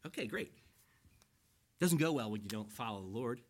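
A pastor with a lowish, expressive, darkish voice delivers a conversational sermon. He reads scripture slowly and emphatically, then explains it and poses questions to his listeners.

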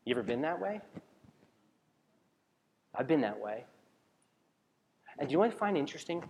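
A man's voice: fairly high pitch, big pitch swings, moderate pace, gravelly, darkish tone, a little hiss or hum. A man preaching a sermon as a pastor in a conversational way, asking the congregation questions and often restarting his sentences. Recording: long reverb of a large hall.

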